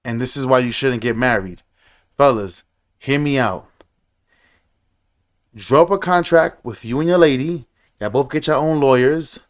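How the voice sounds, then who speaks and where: A man ranting to camera about marriage, frustrated, preachy and repeating himself. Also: mid-range voice. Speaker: commentator. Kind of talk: reaction rant to camera.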